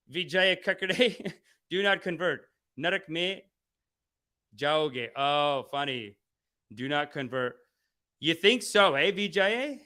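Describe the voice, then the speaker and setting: Bright, lively male mock guru. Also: moderate pace. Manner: mock-preachy, playful, mimics people in high voices. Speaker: comedy guru host. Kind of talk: satirical spiritual-guru livestream.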